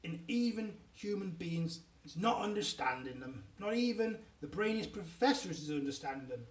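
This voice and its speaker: A man reading aloud, voicing a gentle old giant who speaks slowly in broken grammar. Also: a little high, lively intonation, roomy sound, far from the mic, lightly acted. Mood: musing. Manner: slow and mangled wording.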